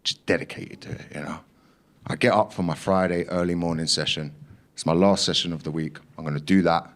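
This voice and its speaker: Young male stand-up, brash and sweary, jumps into loud character voices in a club set. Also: low voice, fairly even intonation, brisk. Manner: brash, swearing, acts out others in raised voices. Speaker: stand-up comedian. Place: comedy club stage.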